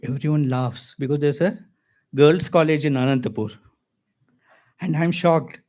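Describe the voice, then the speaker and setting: An older man with an Indian accent, giving a devotional talk full of personal stories, lively with chuckles and asides. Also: fairly high pitch, unhurried. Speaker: spiritual speaker.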